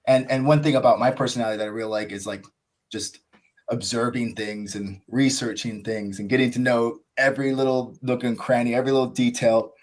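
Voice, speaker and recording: An American man chats as a guest on a podcast, eager and rambling, his sentences looping through fillers. His voice sits at a middling pitch for a man. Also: fairly even intonation, a little fast. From USA. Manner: enthusiastic, rambling, heavy use of "like" and "you know". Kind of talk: casual interview storytelling.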